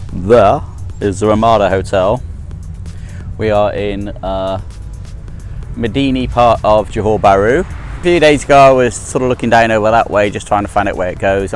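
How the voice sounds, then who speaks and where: A middle-aged man, chatting as he vlogs a walk along an overgrown hillside path and filming on a handheld phone, full of self-deprecating asides. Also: fairly low pitch. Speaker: travel vlogger. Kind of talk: casual walking vlog. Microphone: handheld phone camera without gimbal.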